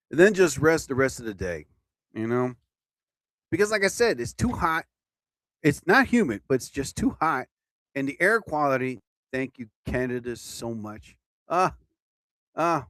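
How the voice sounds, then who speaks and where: A man's voice: mid-range voice, expressive, unhurried, long pauses, no room sound. A man hosting his own live stream as a comedian, chatting casually and rambling from topic to topic.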